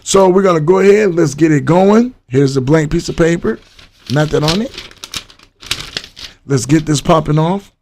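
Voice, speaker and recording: Man doing a live podcast stream, bit higher voice, chatty, talking to his viewers. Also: moderate pace, pauses often, background noise. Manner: loose, chatty, talks straight to viewers. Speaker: livestream podcast host. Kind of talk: casual live-stream chat.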